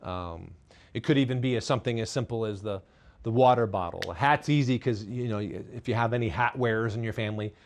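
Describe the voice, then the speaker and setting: Fairly quick, with a little hiss or hum in the recording, the man gives a parenting and faith talk to a live studio audience. He's candid and makes light fun of himself, alternating loud, high emphasis with soft, low asides.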